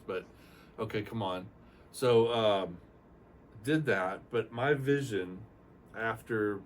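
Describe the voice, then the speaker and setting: An older man, a retired Navy aircrewman, telling his story in a casual, rambling way and acting out quotes. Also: sits low. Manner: rambling, animated retelling with acted-out quotes. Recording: distant mic with faint room noise.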